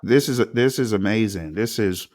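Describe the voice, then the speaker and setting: A man's voice: on the low side, normal speed, a little mellow. A man hosting a live-streamed interview who talks with enthusiasm, exclaims often and reads viewer comments aloud. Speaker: interview host.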